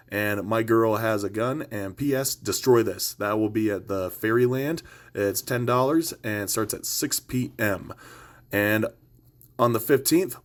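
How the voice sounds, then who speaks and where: A man hosting a podcast, running down upcoming gigs in a laid-back, profane, chatty way. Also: fairly low pitch. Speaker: podcast host. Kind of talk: casual show-roundup chat.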